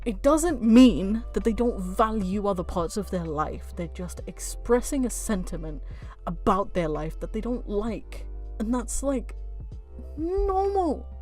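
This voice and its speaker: A woman's voice: medium pitch, measured pace, faint music behind. A woman vlogger talking to camera in a frank, heated rant, swearing freely and laughing at herself. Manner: blunt, swearing, frank rants; heated, animated. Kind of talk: casual chat to camera.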